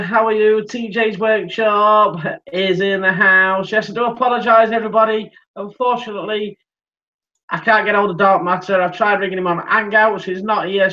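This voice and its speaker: A high-pitched man runs a casual live stream, chatty and apologetic as he greets viewers by name. He has had a few drinks. The sound is dull and lo-fi. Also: sharp tone.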